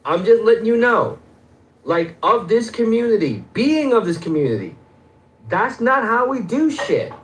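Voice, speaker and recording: A man's voice: high-pitched, big pitch swings, unhurried, reverberant, rough recording. Insistent man cursing in a debate. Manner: insistent, swears and keeps repeating the opponent's name. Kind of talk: heated stage debate.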